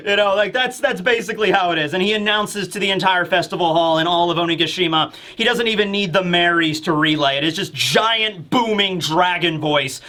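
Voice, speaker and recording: A man's voice: sits high, brisk, hardly any pauses, sharp tone. A young man hosting a casual comic review, rambling and joking. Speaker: host.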